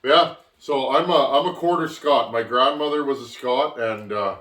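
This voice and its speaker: A man's voice: mid-range voice, normal speed, a bit bright, recorded from a distance. Rambling man opening mail in echoey workshop. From Canada. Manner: rambling, restarts, addresses viewers as friends. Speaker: chainsaw channel host. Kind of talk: casual vlog, opening mail.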